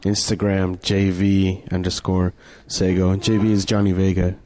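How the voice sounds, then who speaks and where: A man's voice: sits low, little pitch movement, normal speed, mellow. A man speaking as a podcast guest, a retired wrestler, in a plain matter-of-fact way. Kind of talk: casual chat.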